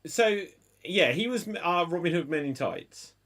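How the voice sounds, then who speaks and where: A man's voice: high-pitched, lively intonation, a little slow, a bit bright. An English man hosting a casual panel chat, telling stories and slipping into character voices. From England. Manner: chatty storyteller who slips into character voices. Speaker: panel show host. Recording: distant from the mic.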